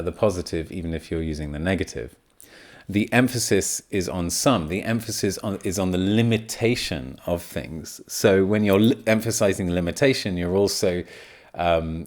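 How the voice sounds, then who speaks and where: A man hosting a podcast, patiently explaining English grammar and repeating his examples as he thinks aloud. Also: deep voice. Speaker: podcast host and English teacher.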